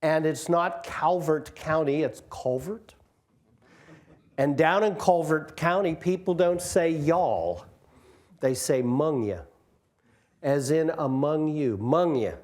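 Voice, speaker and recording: A man's voice: fairly high pitch, a little slow, darkish tone. A man in his sixties, a guest speaker telling jokes and stories about his career to a community audience on a microphone. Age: 60s. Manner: joking, self-deprecating storyteller. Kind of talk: informal talk to an audience. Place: community hall.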